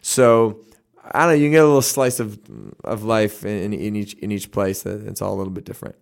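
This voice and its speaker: A man from Canada, a musician, answering interview questions in a chatty, animated way with lots of fillers. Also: fairly low pitch, brisk, gravelly. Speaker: interview guest, band musician.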